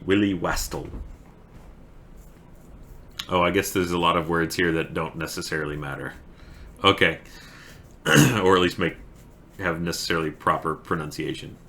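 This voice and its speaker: A man's voice: deep voice, moderate pace, creaky, long pauses, bright, forceful tone. A man hosting a livestream, chatting with viewers and reading verse aloud with dramatic swells, breaking off to giggle. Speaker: livestream host. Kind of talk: casual stream chat and reading a poem aloud.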